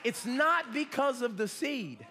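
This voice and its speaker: A man preaching a fervent sermon, calling on the congregation to repeat after him and rising to shouts. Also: very high voice, sing-song, slow pace, slight background noise. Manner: fervent preaching with call-and-response, shouting at peaks. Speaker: pastor. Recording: long hall reverb.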